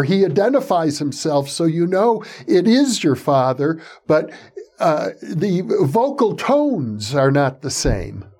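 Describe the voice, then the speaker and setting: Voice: mid-range voice, a little mellow. An interviewer summing up what the guest has said and asking about her book. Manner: prompting, summarizing the guest's points.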